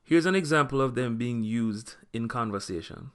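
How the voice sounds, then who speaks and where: A man narrating a scripted language lesson, speaking clearly and slowing down to spell out example words. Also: medium pitch, expressive. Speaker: language teacher.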